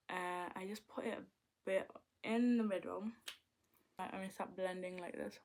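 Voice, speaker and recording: A young woman giving a makeup tutorial at home, chatty, murmuring quietly as she applies products and breaking into loud, excited exclamations. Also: lowish voice, normal speed, pauses often. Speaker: makeup vlogger.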